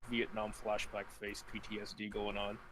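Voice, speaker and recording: A man narrating as game master in a tabletop game, halting, with restarts. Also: fairly low pitch, completely flat delivery, noisy background. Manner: halting, with restarts and throat-clearing.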